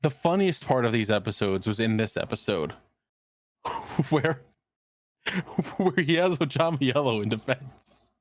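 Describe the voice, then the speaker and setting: A man's voice: mid-range voice, unhurried, no echo. A man co-hosting a podcast in casual chat, joking and swearing freely. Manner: animated, joking, profane. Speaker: podcast co-host.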